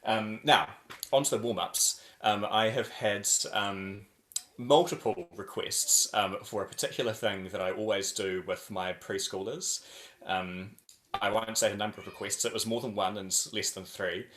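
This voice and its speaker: Playful man leading an online choir warm-up. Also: on the low side, fairly even intonation, normal speed, echoey room. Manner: playful, over-the-top, chanting and clapping. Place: home video call. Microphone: video call.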